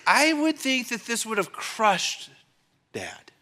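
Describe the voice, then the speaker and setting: A male pastor preaching a church sermon in a conversational, animated storytelling manner. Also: extremely high pitch, slow pace. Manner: animated storyteller, acts out quotes in changing voices; conversational, with fillers and restarts.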